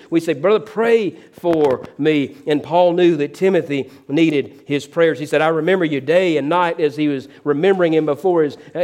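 Fairly high-voiced man preaching a sermon. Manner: preacherly, calls out "amen?" to the congregation; voices quoted figures with shifts in pace and loudness. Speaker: pastor.

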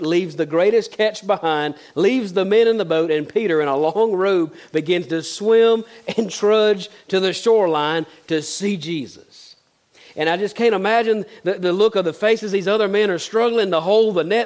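Male preacher, high voice, dramatic storytelling sermon with folksy asides. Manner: storytelling, dramatic shifts from loud to hushed. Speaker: pastor.

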